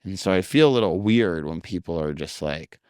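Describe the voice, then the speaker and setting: A man from the United States, a comedian guest in a casual interview, talking quickly with many fillers and some swearing. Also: deep voice, darkish tone, clear, resonant tone, no room sound, clean studio sound.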